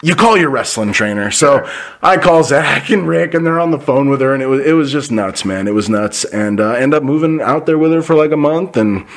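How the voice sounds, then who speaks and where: A man's voice: mid-range voice, animated, fairly quick. A man hosting a podcast, telling loose, profane, rambling anecdotes in casual chat. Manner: frequent restarts and fillers. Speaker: podcast host.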